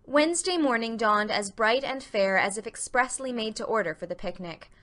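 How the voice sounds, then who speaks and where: A woman narrating a dramatic audiobook reading with clear, expressive storytelling. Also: fairly high pitch, moderate pace.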